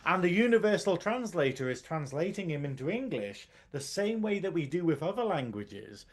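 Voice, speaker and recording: A man's voice: a little high, very animated, moderate pace. A man co-hosting a casual TV review podcast, rambling and swearing as he talks. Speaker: podcast co-host.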